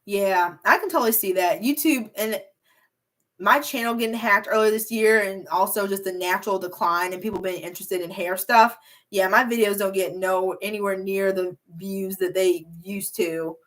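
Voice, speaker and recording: A woman's voice: mid-range voice, moderate pace, fairly bright tone. Young woman hair youtuber just chatting w viewers, bubbly, rambly, lots of likes and y'alls. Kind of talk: casual livestream chat reading comments.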